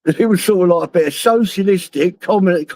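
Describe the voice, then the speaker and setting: A man's voice: sits high, brisk, darkish tone, dry recording, low-quality recording. A middle-aged man with a London accent, chatting to his stream viewers on his phone while driving, rambling and swearing freely. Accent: London English. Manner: rambling, heavy swearing, laughs at own stories. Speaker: live streamer. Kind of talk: casual live-stream chat while driving.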